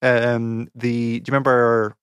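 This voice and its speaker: The recording is muffled but has no echo; the young man's medium-pitched voice is a bit bright, clear and resonant, delivered in a monotone at a measured pace. He's a podcast co-host and game academic, rambling and ranting with exasperation and many fillers in casual podcast chat.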